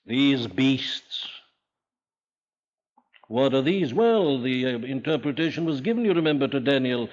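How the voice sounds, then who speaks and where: A man's voice: mid-range voice, lively intonation, measured pace, pauses often. An older man from Wales with a Welsh accent, preaching an emphatic sermon full of rhetorical questions. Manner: emphatic, rhetorical questions, rising to forceful declarations. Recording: dull lo-fi archival sermon recording.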